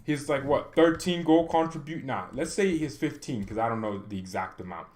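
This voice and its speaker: A man hosting a fan channel, ranting in a chatty, animated way and often tagging sentences with questions. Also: mid-range voice, moderate pace. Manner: animated ranting with bursts of loud exclamation; chatty, frequent "right?" tag questions. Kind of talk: casual opinion vlog.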